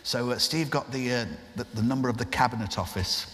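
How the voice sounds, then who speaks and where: A man, a guest impressionist, telling an animated anecdote on a festival stage in front of an audience. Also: medium pitch, brisk. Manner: animated storyteller, restarts. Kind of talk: live podcast anecdote. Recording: live hall reverb with faint noise.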